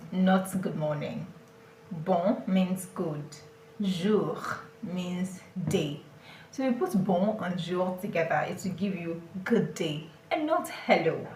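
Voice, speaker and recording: Slow-speaking woman teaching French, roomy sound. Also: on the low side, darkish tone, distant mic, a little hiss or hum. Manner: slow, deliberate explaining with repeated check-ins. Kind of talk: beginner language lesson.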